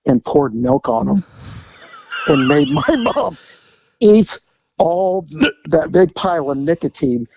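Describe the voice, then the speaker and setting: A man's voice: slow pace, pauses often, a little hiss or hum, poor audio. A man co-hosting a podcast, telling a family story in casual chat and acting out the people in it. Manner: animated storyteller, acts out quotes in high voices. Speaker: podcast co-host.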